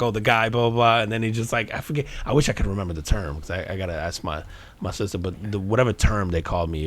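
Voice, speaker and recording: A man co-hosting a podcast, telling stories in casual chat, laughing often and calling his friend "bro". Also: on the low side. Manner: animated storyteller, says "bro" a lot, laughs often. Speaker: podcast co-host.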